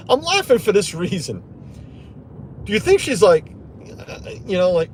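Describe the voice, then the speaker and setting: A man's voice: high voice, sing-song, unhurried, pauses often. A middle-aged man talking on a live stream from the cab of his truck, his voice rising and falling a lot. He rambles in a loose, chatty way and greets viewers as he goes, with faint background noise in the cab. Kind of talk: casual live chat. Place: inside a parked truck.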